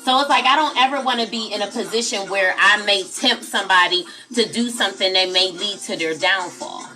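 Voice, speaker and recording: A woman's voice: mid-range voice, brisk, pushed and bright, faint music behind. A woman hosting a casual late-night livestream, chatty and talking straight to her viewers as y'all. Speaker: livestream host.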